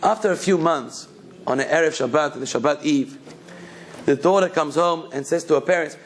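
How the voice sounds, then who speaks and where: A man's voice: on the high side, moderate pace. A male rabbi telling a story in a sermon and then urging his listeners.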